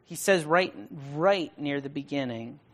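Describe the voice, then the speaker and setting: A preacher giving a casual, conversational sermon, asking rhetorical questions and paraphrasing in modern slang, building to loud emphatic bursts. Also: medium pitch, lively intonation, measured pace.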